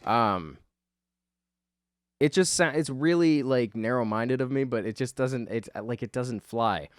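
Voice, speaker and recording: A man's voice: mid-range voice, unhurried, clear, resonant tone, dry recording, studio quality. A man giving rambling, self-deprecating voice-over commentary on his drawing, swearing casually. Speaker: artist, channel host.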